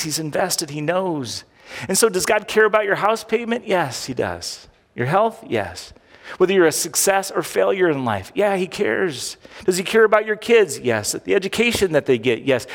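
A man preaching a sermon as a pastor, talking in an earnest, conversational way and asking the congregation many rhetorical questions. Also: mid-range voice. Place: church sanctuary. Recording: long reverb of a large hall.

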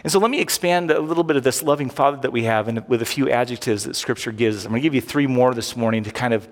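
A man preaching a sermon as a pastor, talking in an earnest, conversational way and asking the congregation many rhetorical questions. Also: medium pitch. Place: church sanctuary. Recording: long reverb of a large hall.

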